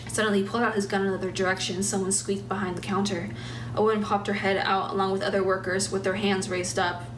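A woman reading her own fiction aloud at a steady pace with small restarts, in a roomy, distant recording with background noise. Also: mid-range voice, fast. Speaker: graduating writer.

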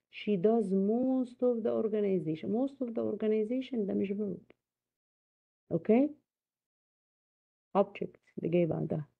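An Egyptian woman teaches English in a recorded lecture, her voice carrying a gravelly fry as she quizzes her class. She slides between Arabic and English. The sound is thin and tinny, like it came over a phone line. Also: mid-range voice.

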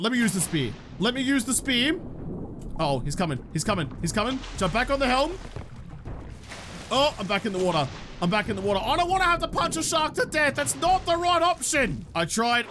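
Man, gameplay commentary, high-pitched, bright and forceful, chatty and self-mocking. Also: slight background noise. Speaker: gaming YouTuber.

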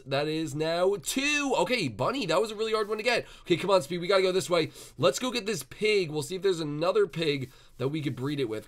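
A man hosting a Minecraft roleplay video, chattering excitedly and coaxing the game animals along. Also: a little high. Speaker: gaming channel host.

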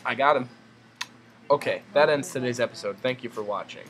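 A young man doing goofy gameplay commentary, muttering asides and then breaking into high excited yells. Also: fairly quick, a little hiss or hum.

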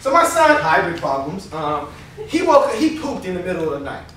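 A man from Los Angeles doing a stand-up comedy set, animated and blunt, laughing as he tells his stories. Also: sits high, normal speed, slight background noise. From Los Angeles area. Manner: animated, laughs through lines, blunt and profane. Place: small late-night convention comedy room. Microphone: no microphone, heard from a distance. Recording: echoey room from far off with crowd. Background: live audience laughing and calling out.

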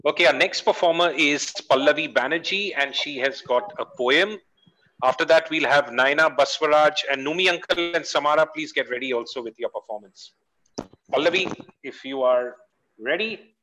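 A man's voice: a little high, normal speed, bright, forceful tone, a little hiss or hum, poor audio. A man hosting an online talent show, announcing the next performers in a plain, friendly way. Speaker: event host. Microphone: video call.

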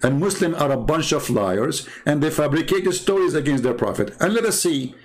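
A man's voice: a little high, expressive, moderate pace. A man from the Middle East whose first language is Arabic, speaking with an Arabic accent. He hosts a rambling, sarcastic livestream commentary. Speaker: channel host and religion critic.

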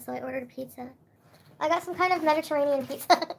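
A young woman rambles loosely through a casual livestream chat, eating as she talks and laughing often, drifting between soft asides and bursts of giggling. Her voice sits notably high and gravelly, she talks fast, and there's a little hiss or hum.

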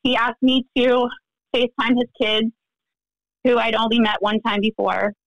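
A woman guest on a podcast interview, recounting events in an animated way and acting out the voices of others. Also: fairly high pitch, moderate pace, dry recording, muffled recording. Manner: animated storytelling, acts out quoted dialogue. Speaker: interview guest, friend of the deceased.

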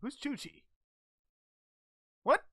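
A woman's voice: very slow, fairly bright tone, dry recording, clean studio sound. A woman voicing a cheerful, naive male alien martial-arts hero, hosting an in-character fan Q&A in a goofy, easily distracted way with lots of hesitant ums. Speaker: channel host answering fan questions.

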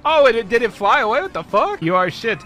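High, lively-voiced laughing streamer guy. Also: fast talker, soft background music. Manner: laughs constantly, swears freely, excitable outbursts. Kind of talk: casual gameplay commentary.

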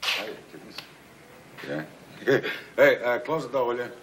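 An actor playing a sly middle-aged husband on a secret phone call, chuckling and murmuring low. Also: male voice, animated, measured pace, echoey room, very noisy, natural voice. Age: 40s. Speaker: husband and father. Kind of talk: film drama acting.

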